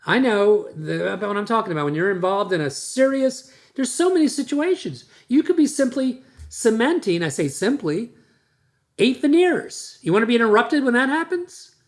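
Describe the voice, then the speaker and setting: A man's voice: very high-pitched, big pitch swings, normal speed. A man hosting a podcast as a dentist, giving a blunt, emphatic monologue with frequent restarts.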